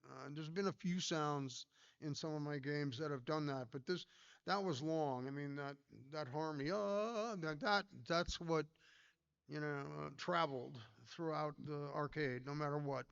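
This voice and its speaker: An older man tells stories at a conference talk, his voice gravelly yet smooth and resonant. He rambles, restarts and fills pauses with ums and uhs. The recording is dull and lo-fi. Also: on the high side, fairly bright tone. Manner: rambling, anecdotal, many fillers and restarts. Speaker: pinball designer giving a talk.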